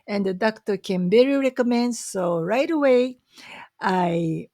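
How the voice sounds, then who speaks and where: A woman's voice: medium pitch, lively intonation, slow, mellow, dry recording, studio quality. A Japanese woman speaking English with a Japanese accent, chatting casually and enthusiastically to camera as a vlogger, with many fillers.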